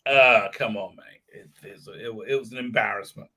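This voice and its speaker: A man's voice: on the low side, moderate pace, pushed and bright. A man hosting a live commentary stream, ranting sarcastically and swearing, with lots of fillers and restarts. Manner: sarcastic, swears, mocks what he reads with put-on silly voices; hesitant, many fillers and restarts.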